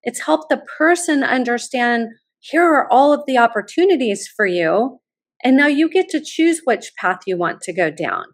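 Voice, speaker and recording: Brief: middle-aged woman, fairly high voice, animated and enthusiastic, podcast guest storyteller. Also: moderate pace. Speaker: college admissions consultant, guest. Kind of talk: podcast interview, personal storytelling.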